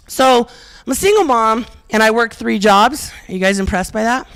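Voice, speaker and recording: A woman's voice: a little high, moderate pace, a bit bright. Brassy middle-aged woman doing stand-up. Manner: brassy, self-mocking storytelling with punchy asides. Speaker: stand-up comedian. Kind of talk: stand-up comedy set. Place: historic theater stage with live audience.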